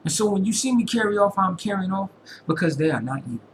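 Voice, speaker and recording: A man's voice: sits high, expressive, fast talker, slight background noise, rough recording. A man speaking to his followers in an impassioned, preachy monologue. He quotes scripture, talks in slang, and repeats lines for emphasis. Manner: informal slangy speech. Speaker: religious vlogger.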